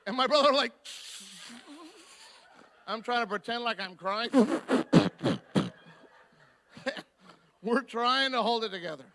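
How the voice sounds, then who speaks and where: Bright, gravelly-voiced man telling a story. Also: very high voice, fast, hardly any pauses. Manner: animated storyteller, acts out voices. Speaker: guest speaker. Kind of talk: storytelling sermon. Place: church.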